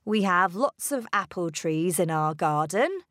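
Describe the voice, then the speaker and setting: A woman voicing a calm, resourceful father in a storybook, with a slow, careful read-aloud delivery. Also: fairly low pitch, no echo, clean studio sound.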